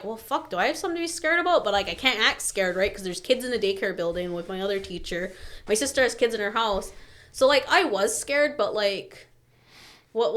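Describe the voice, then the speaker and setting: A woman on a podcast telling a story in casual chat, animated and profane, acting out the people she quotes. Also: fairly high pitch. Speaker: podcast guest, daycare teacher.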